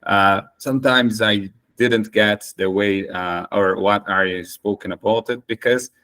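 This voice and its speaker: A man leading a casual English practice conversation, speaking haltingly with many fillers, Portuguese his first language. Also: lowish voice, fairly even intonation, bright, forceful tone. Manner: hesitant, many fillers and restarts. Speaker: conversation host.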